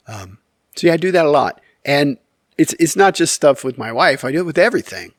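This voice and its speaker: A man's voice: on the high side, lively intonation, normal speed, no echo, clean studio sound. Rambling, wry man telling a story. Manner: rambling and candid, with many fillers and self-corrections; wry, self-deprecating humor. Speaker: YouTube storyteller. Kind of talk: casual storytelling monologue.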